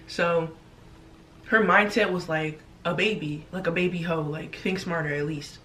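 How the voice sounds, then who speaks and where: A woman's voice: fairly low pitch, fairly even intonation, normal speed, fairly bright tone, distant mic, a little hiss or hum. A young woman telling a story casually while eating in her bedroom, blunt and chatty, swearing freely. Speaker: vlogger.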